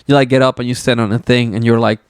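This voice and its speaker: A man's voice: mid-range voice, flat delivery, quick pace, clean tone, no echo, studio quality. A young man hosting a casual solo podcast, rambling loosely with lots of fillers and some swearing. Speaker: podcast host.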